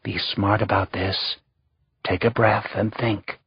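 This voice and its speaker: A man's voice: lowish voice, little pitch movement, slow pace, slightly rough, dry recording, lo-fi sound, exaggerated voice. A man voicing a scheming, smirking older royal vizier who speaks in a sly, coaxing way.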